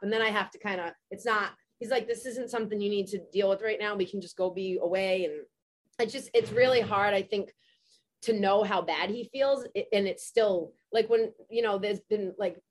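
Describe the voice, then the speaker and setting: A woman in her forties, a podcast host, telling a story in casual chat, animated and profane, with many "like" fillers. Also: medium pitch, normal speed. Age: 40s.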